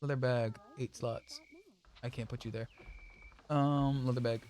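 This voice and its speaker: A young man streaming a game and chatting casually, rambling with many restarts and quick laughs. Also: medium pitch, steady tone, a little mellow, slight background noise. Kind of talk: casual chat while gaming.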